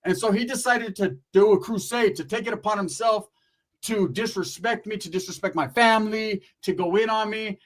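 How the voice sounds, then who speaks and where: A man's voice: high voice, normal speed, fairly bright tone, poor audio. A young man from Northern California ranting bluntly and profanely on his channel, tagging lines with "right?" and "bro". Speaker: YouTuber. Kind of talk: livestream rant.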